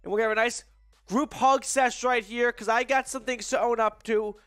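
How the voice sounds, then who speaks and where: A young male host with a high, bright voice, made nasal and stuffy by a cold. He chats upbeat with his live viewers, his delivery crisp and close-miked in a dry room with faint music behind. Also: steady tone, brisk, no echo. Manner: upbeat, chatty, shouts out viewers. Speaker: sports show host. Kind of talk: live-stream sports talk.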